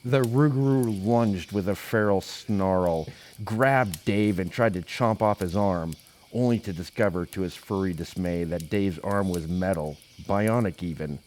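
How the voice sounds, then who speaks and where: A deep-voiced man hosting a podcast tells a comedic spooky story. He keeps his delivery deadpan, but it keeps breaking into laughter.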